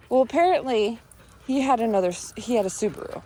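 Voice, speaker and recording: A woman's voice: fairly high pitch, lively intonation, fast, mellow, slight background noise. A woman telling a story in a casual vlog while walking her dog outdoors, chatting and breaking off to talk to the dog. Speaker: vlogger.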